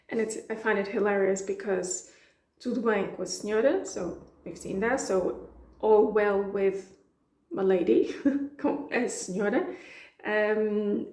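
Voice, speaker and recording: A language teacher with a European Portuguese accent explains phrases in a casual lesson, using a mellow, relaxed, medium-pitched voice. She's chatty, acts out lines of dialogue, and laughs often. Her voice rings with a roomy echo.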